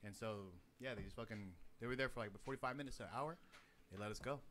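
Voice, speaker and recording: A young man talks fast in a bright, lively voice. He tells an animated story, acting out quotes and sound effects and swearing freely. A faint hiss sits under the recording. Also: mid-range voice. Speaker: podcast co-host. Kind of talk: casual chat.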